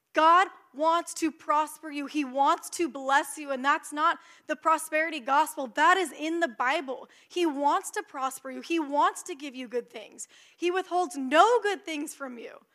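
A young woman preaching a sermon in a conversational, animated way, acting out her own thoughts. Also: sits high, unhurried.

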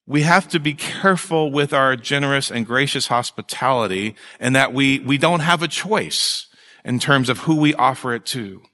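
A male pastor preaching a sermon in a conversational, animated way, with jokes and asides to his congregation. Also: mid-range voice, moderate pace, in a large hall.

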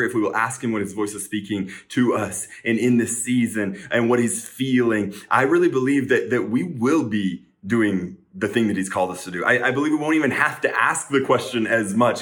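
A man's voice: mid-range voice, a bit bright. A man preaching a sermon, earnest and rising to urgent pleading.

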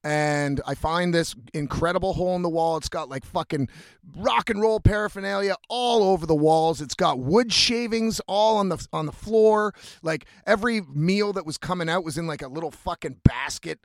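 A man with a slightly high voice tells a long, rambling story, full of swearing. His delivery is casual and animated. The sound is dry and close, with no room echo. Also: normal speed. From Canada.

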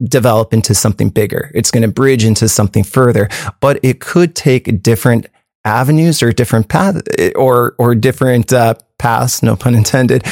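A man's voice: medium pitch, creaky, a little mellow, no room sound, clean studio sound. A man, a program manager, explaining things earnestly, often restarting his sentences. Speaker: workforce program manager, guest. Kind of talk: conversational interview.

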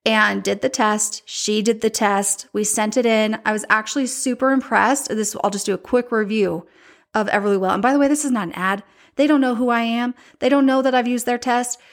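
Woman podcast host, chatty, candid, forties, personal storytelling, animated quoted voices. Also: on the high side, fairly quick.

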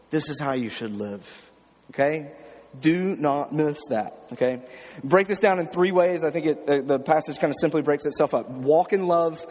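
Guy preaching casually, keeps asking okay? right?, kinda higher voice, breathy, big reverb. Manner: talks informally, checks in with "okay?" and "right?". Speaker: pastor. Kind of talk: conversational sermon.

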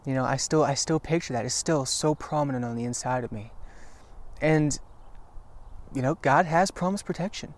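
A man giving an earnest devotional talk to camera. He repeats phrases for emphasis and often restarts his sentences. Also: medium pitch. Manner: halting with frequent restarts. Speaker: Christian video teacher.

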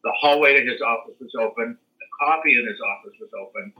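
Older american guy spinning a story, lively, kinda lo-fi dull sound. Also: medium pitch, fast. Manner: animated storyteller, acts out quotes and sings dance beats. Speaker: interview guest. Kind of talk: casual storytelling.

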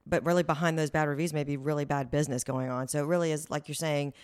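A woman hosting a casual conversation, chiming in with quick, agreeable remarks. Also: low-pitched, steady tone, a little mellow, smooth.

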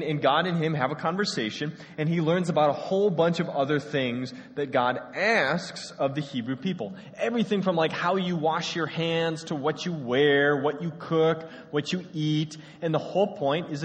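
Male pastor, casual storytelling sermon, fairly high voice, long echo in a church hall. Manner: casual, storytelling, addresses the congregation.

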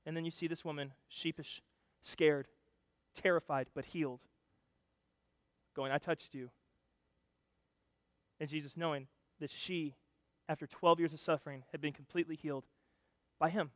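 A high-voiced man preaching a sermon, telling stories in an animated way that swings between loud and hushed. His voice is close and dry at the mic, but a long hall reverb trails behind it. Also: normal speed, long pauses. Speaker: pastor.

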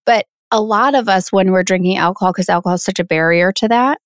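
A woman's voice: medium pitch, fast talker, no echo. Chatty woman in a dry closet. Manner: chatty, acts out quoted lines with lively voices. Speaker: podcast guest. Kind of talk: casual conversational interview. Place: her home closet.

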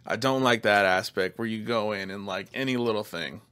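A man's voice: fairly low pitch, fairly quick, a bit bright, smooth. A man hosting a podcast, chatting in a loose, profane, laid-back way. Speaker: podcast host. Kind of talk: casual chat.

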